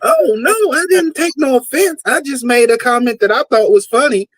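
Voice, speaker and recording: A laid-back man chats in slangy banter on a radio podcast. His voice is pitched very high and sits dry and close to the mic. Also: normal speed, a bit bright, dry recording. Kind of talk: casual banter.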